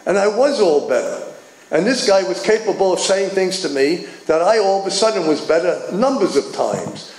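A man's voice: high-pitched, moderate pace. New man telling his recovery story. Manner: animated storytelling, acts out dialogue. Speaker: recovery meeting speaker. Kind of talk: personal recovery talk. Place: meeting hall. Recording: echoey room with faint noise.

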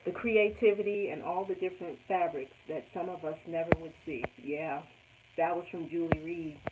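The recording is tinny and phone-like, with loud background noise. In it, a quilting channel host with a lowish, steady voice speaks at a moderate pace, reading viewers' comments aloud on a casual live stream and often laughing.

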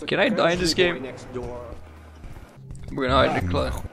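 A young man gives loose let's-play commentary, rambling and swearing as he plays. His voice has a gravelly, creaky edge, and a little music plays behind him. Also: on the high side, moderate pace. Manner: rambling, swearing, laughing at the game. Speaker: gaming YouTuber.

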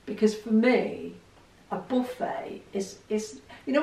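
A woman's voice: fairly high pitch, measured pace, gravelly, few pauses, a little mellow, roomy sound, far from the mic, rough recording. A middle-aged woman vlogging in a candid, self-deprecating casual chat to the camera.

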